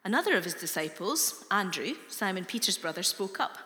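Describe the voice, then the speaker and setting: A woman reading scripture aloud in a slow, deliberate way. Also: medium pitch, sing-song, sharp tone. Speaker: scripture reader. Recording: reverberant hall.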